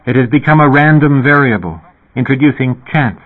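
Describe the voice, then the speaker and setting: A man voicing a calm, impassive, all-knowing boy with measured, solemn speech, through a tinny radio sound. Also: mid-range voice, voice pushed up, natural voice.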